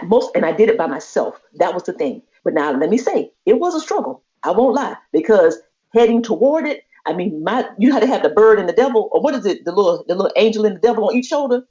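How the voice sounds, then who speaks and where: Podcast co-host, woman; lively storyteller who acts out every quote; dull lo-fi sound. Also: medium pitch. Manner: expressive, acts out quoted voices, laughs often. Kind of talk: animated storytelling chat. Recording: muffled lo-fi podcast audio.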